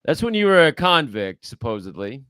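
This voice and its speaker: A man's voice: medium pitch, sing-song, normal speed, background noise. A man hosting a casual interview, hesitant and repeating his words. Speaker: host.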